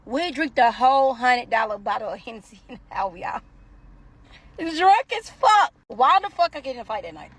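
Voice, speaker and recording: Woman storyteller, high husky voice, brash and animated, casual storytime vlog. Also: quick pace, few pauses, no echo. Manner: animated, profane, swings between mumbling and yelling.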